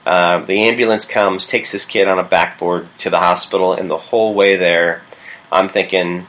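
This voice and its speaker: A man who works as a youth pastor, telling a personal story in a casual, halting way with many restarts. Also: low voice, steady tone, fairly bright tone, rough recording. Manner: halting, with frequent restarts and fillers.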